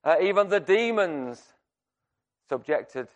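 A man preaching a sermon, telling a personal story in a conversational, animated way with many restarts. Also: on the high side, normal speed, highs cut off. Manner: shouts to act out screaming.

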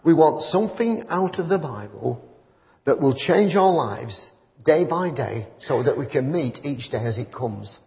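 A man's voice: a little high, expressive, measured pace, vocal fry, darkish tone. A man gives a loose, story-filled sermon, wandering between anecdotes before pressing his point with fervour. The recording is dull and muffled. His voice rings with the long reverb of a church hall. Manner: rambling, conversational, rising to fervent emphasis. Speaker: preacher.

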